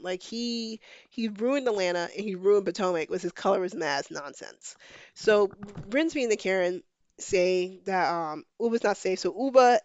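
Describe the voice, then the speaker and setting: A woman hosting a podcast, recapping pop culture in casual chat, animated and blunt, swearing freely. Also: medium pitch, dry recording, muffled recording. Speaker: podcast host.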